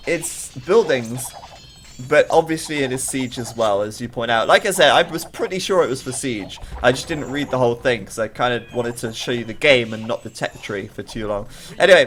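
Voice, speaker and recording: A man commentating a strategy video game live, chatty and excitable, with jokey asides between the action. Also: mid-range voice.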